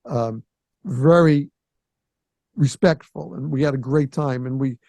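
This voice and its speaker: A man in his sixties hosting a podcast, telling a story in a lively way and acting out the voices of the people in it. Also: medium pitch, unhurried, vocal fry, no echo. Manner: animated storyteller who acts out quoted voices. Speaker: podcast host. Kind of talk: casual storytelling.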